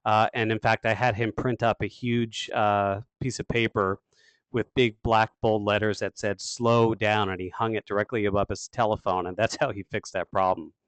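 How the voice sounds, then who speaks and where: A man giving a sales training webinar, talking quickly and with emphatic energy. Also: lowish voice, smooth, no room sound. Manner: fast, emphatic, energetic delivery. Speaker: sales coach.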